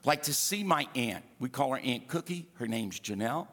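A man's voice: medium pitch, moderate pace. A male pastor preaching a sermon, telling funny stories with asides to the congregation. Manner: animated, humorous storytelling with asides to the congregation. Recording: reverberant hall.

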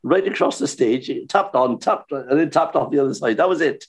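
An older man, a singer and entertainer, reminiscing in casual chat with animated, laughing anecdotes. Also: medium pitch, fairly quick. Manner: anecdotal, animated, laughs while telling stories.

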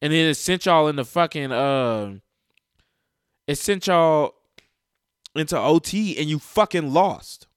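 A man's voice: on the high side, measured pace, long pauses, clear, resonant tone, no room sound. Man ranting as a sports fan, exasperated and profane, dry sound. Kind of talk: heated casual rant.

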